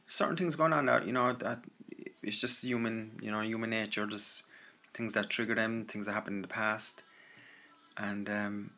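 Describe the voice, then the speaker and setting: A man's voice: fairly low pitch, fairly even intonation, normal speed, sharp tone. An Irish man rambling casually through listener messages, self-deprecating and full of fillers. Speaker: audio content creator answering listener messages.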